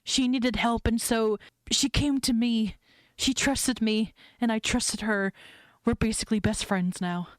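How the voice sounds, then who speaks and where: A woman's voice: a little high, steady tone, measured pace, dry recording, lightly acted. Woman playing a laid-back stoner teen. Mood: confessing. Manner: easygoing, rambling, lots of "like". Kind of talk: tabletop role-play, in character.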